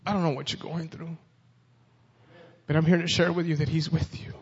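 A man preaching a sermon with a fairly high voice, his words ringing out in a long hall reverb. He reads scripture with building force and then talks plainly to the congregation. The sound is a little dull and muffled. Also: level tone, fairly quick, breathy edge.

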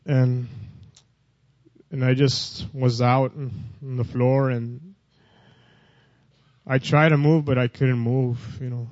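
A man's voice: medium pitch, little pitch movement, takes it slowly, long pauses, dry recording, highs cut off. A man preaching a sermon. He reads scripture and then talks plainly, repeating and restarting phrases, and his voice rises when he reads verses.

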